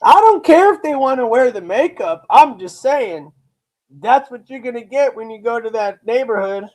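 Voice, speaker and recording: This man from Lakewood, Ohio, in the US, is hosting a live reaction stream in a very high-pitched, animated voice with a darkish tone. His talk is casual and blunt, full of swearing, bragging, and slang like "bro" and "dude." He speaks slowly and draws words out, often repeating himself and restarting.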